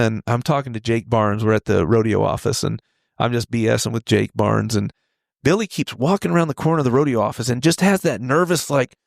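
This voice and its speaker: A man in his forties, a podcast guest telling rodeo stories in a casual, animated way, laughing often and acting out the voices of the people in them. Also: mid-range voice, creaky, no echo, clean studio sound. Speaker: podcast guest, retired steer wrestler. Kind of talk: casual storytelling.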